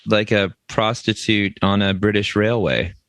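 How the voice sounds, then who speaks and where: A man with a fairly low voice co-hosts a comedy news podcast. He teases the others and jumps in with quick jokes. The sound is close and dry. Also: steady tone, a bit bright, no room sound. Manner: teasing, jumping in with jokes. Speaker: podcast co-host.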